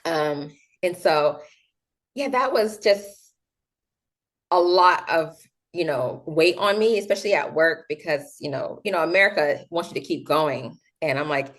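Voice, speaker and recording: A young woman speaks with a slightly low voice in a relaxed interview. She tells her story in a chatty, animated way, full of fillers, and acts out the other people in it. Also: measured pace. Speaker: guest.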